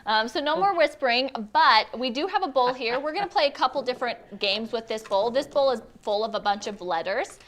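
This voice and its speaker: A woman's voice: fairly high pitch, animated, brisk, few pauses, fairly bright tone. A woman hosting a casual live stream, chatty and giggly as she greets viewers and runs a giveaway. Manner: chatty, giggly, reads viewer comments aloud. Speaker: livestream host.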